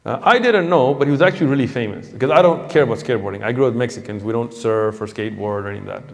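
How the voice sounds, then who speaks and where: A man, an Islamic preacher, telling a story in an animated way and acting out the people in it. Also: medium pitch, rapid-fire, creaky. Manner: animated, acts out the voices of the people in his story. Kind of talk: storytelling talk. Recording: long hall reverb.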